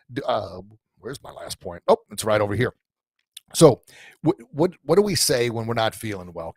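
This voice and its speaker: Through a camera mic placed in front of him, with no room sound, comes the medium-pitched voice of a middle-aged man. He's a podcast host and coach on a live stream, chatting loosely with listeners, full of fillers, restarts and heartfelt asides.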